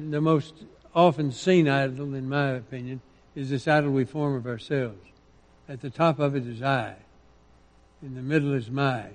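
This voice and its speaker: A man preaching a sermon, quoting scripture with rising emphasis and dropping into quiet asides. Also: mid-range voice, long reverb tail.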